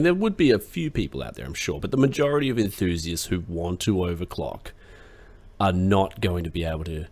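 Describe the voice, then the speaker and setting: A young Australian man hosting a casual tech chat, laid-back and rambling with lots of fillers, recovering from the flu. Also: low voice. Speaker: tech channel host.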